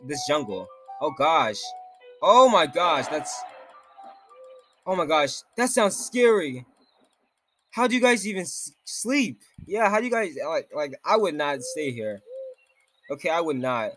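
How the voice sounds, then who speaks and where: Man, game streamer, jumpy exclaiming commentary, high voice, lively swooping pitch. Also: a little slow, faint music behind. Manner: jumpy, exclaims often, reads game text aloud. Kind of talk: gameplay commentary.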